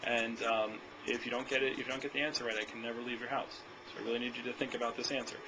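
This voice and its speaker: A young man in a noisy room running a sales training demo, talking fast and energetically and ending his points with "okay?". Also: medium pitch, little pitch movement.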